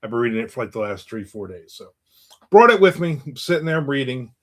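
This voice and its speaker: A man's voice: mid-range voice, sing-song, fast, fairly bright tone. A man who writes books, hosting his own stream in casual talk, telling stories and reacting to viewer comments. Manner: rambling, anecdotal, reads viewer comments aloud. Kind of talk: casual chat and storytelling.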